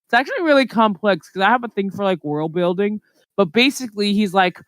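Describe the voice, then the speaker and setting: Co-host, casual podcast chat, smooth clear voice, dry close sound, rambly with lots of "like" and "um". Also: medium pitch, lively intonation, a little fast, a bit bright, no room sound. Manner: rambling, filler-heavy storytelling.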